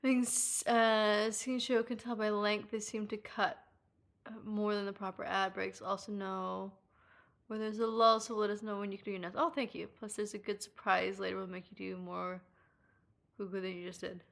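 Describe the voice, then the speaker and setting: A young Irish woman talks casually to her live-stream audience in a bright, forward voice. She giggles often and swears freely. When something delights her, she breaks into excited squeals. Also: medium pitch, normal speed, gravelly. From Ireland. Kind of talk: casual chat, reading live chat.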